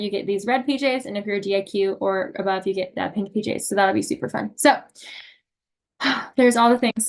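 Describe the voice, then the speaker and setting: A young woman leading a team meeting on a video call, giving an upbeat, emotional pep talk full of fillers. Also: mid-range voice. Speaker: sales unit leader.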